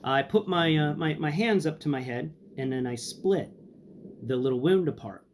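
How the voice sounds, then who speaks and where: This young man's voice sits a little high and moves at a normal speed against a noisy backdrop. Hosting, he casually narrates a dramatic episode from his own life, performing everyone's lines with lively, theatrical energy.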